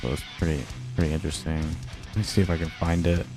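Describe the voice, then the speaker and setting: A man's voice: sits low, fairly even intonation, fast talker, music in the background. A man chatting casually and rambling on his livestream, swearing now and then. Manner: laid-back, swears, rambling asides. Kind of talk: casual stream chat.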